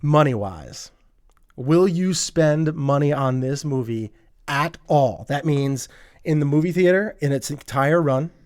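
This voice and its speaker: A man hosting a casual movie chat podcast, excitable and quick to act out loud reactions. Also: a little high, no room sound, clean studio sound. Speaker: podcast host.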